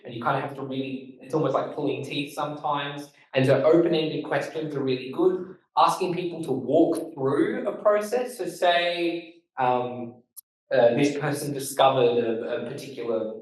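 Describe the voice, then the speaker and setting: A man with an Australian accent giving a casual talk on making podcasts, talking quickly with lots of fillers and stressed words. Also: mid-range voice. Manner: fast-talking, emphatic, loose with fillers. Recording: echoey room, voice from far off.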